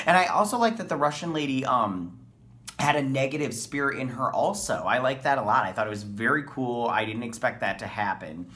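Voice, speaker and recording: A man's voice: medium pitch, expressive, a little fast, a bit bright. A man hosting a casual TV episode review, talking in a rambling, enthusiastic way with many ums and uhs. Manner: rambling, filler-heavy, enthusiastic. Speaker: TV show reviewer.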